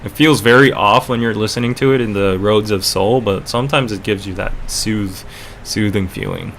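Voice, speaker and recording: A man's voice: on the low side, sing-song, normal speed, vocal fry, a bit bright. North american guy hosting a live stream, rambly and chatty, lots of "like", faint background noise. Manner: rambling, chatty, filler-heavy. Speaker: podcast host. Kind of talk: casual livestream chat.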